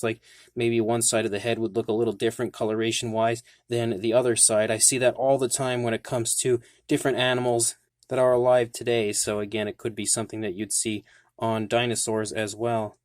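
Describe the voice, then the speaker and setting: Here the same kind of channel host reviews a toy in a casual, enthusiastic, detailed way, leaning on "like" as filler. His mid-range voice comes across flat and a touch fast, captured cleanly in a studio with no room sound.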